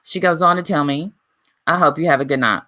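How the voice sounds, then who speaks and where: Low-voiced woman recounting a dispute. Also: a little fast, sharp tone. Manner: retelling a dispute with repeated "I said, she said"; reads out messages aloud. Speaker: YouTuber. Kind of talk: casual vlog monologue.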